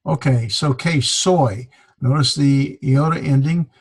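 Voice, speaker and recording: A man's voice: medium pitch, slow pace, husky, poor audio. A man teaching a Greek class in a classroom lecture, explaining steadily with many hesitant fillers.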